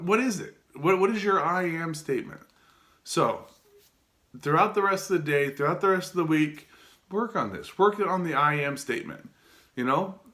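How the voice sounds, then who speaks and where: A man's voice: a little high, a bit bright. A man giving an earnest, casual motivational talk to his viewers, often restarting and asking them direct questions. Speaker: self-help vlogger.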